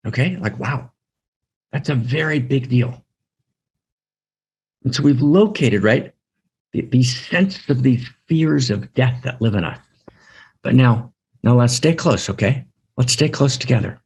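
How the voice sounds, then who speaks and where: A man's voice: medium pitch, vocal fry, darkish tone, slightly rough. A man giving a spiritual teaching talk on an online broadcast, impassioned, repeating phrases and often asking "right?".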